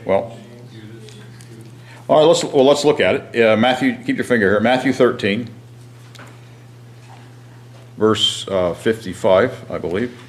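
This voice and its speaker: A man teaching a Bible class, reading scripture aloud and asking his listeners questions, often clearing his throat. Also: mid-range voice, unhurried, long pauses. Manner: frequent throat clearing and restarts.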